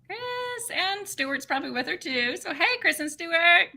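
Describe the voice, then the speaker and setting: A woman co-hosts a casual livestream, bubbly and quick to laugh as she greets viewers one by one. Her voice is strikingly bright and sharp, and her pitch swings up and down with lively energy. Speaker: livestream co-host.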